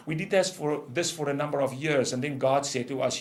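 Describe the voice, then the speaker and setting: An older man, a ministry leader, giving a testimony sermon in an intense storytelling manner, going from loud outbursts to hushed lows. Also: fairly quick, hardly any pauses. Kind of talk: testimony preaching.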